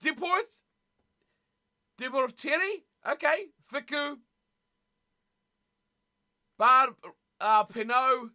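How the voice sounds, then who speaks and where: A high-pitched streamer calls a rugby match live from home and talks straight to viewers in chat. The bright, sharp voice jumps into shouts and laughs whenever a big play lands. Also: animated, drawn-out words, pauses often. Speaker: streamer hosting a rugby watch party. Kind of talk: live casual commentary and chat reading.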